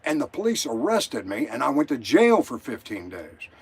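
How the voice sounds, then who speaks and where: A man's voice: medium pitch, huge pitch swings, moderate pace, gravelly, slightly rough. An older man calling in to a show, telling his story in an agitated, rambling way and swearing often. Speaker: caller. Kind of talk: emotional call-in story.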